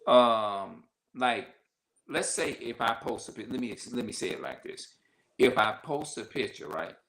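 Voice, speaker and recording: A man's voice: lively intonation, unhurried, creaky, low-quality recording. A man talking casually to camera, repeating himself and often checking that the listener follows. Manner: repetitive, conversational, often asks "you see what I'm saying"; acts out quoted voices with sharp jumps in pitch. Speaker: vlogger.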